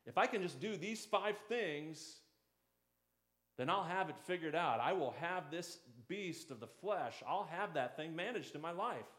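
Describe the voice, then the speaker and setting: A male pastor delivers a sermon in a relaxed, talking-to-you way, now and then acting out the inner voices of struggling churchgoers. His voice sits fairly high for a man. The room adds a noticeable echo around him. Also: a little slow.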